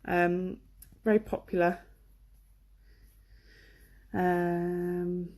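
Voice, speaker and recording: A woman from England giving a chatty, enthusiastic online English lesson, with many fillers, on a computer microphone. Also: mid-range voice. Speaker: English teacher.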